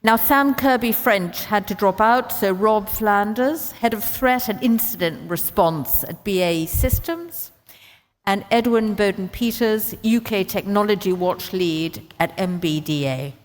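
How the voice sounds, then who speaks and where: A woman hosting an event, introducing panel speakers on stage in a brisk, lightly joking manner. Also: mid-range voice. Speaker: event host. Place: large conference hall. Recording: long hall reverb.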